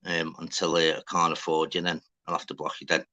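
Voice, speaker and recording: A man's voice: rumbling low, flat delivery, brisk, bright, forceful tone. A man hosting a casual livestream, rambling, swearing and greeting viewers by name. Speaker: livestream host. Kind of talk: casual live chat.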